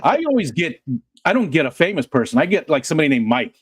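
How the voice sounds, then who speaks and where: Co-hosting a casual chat, a man with a fairly high, fast, slightly breathy voice jokes around expressively. He acts out the lines of the people in his stories.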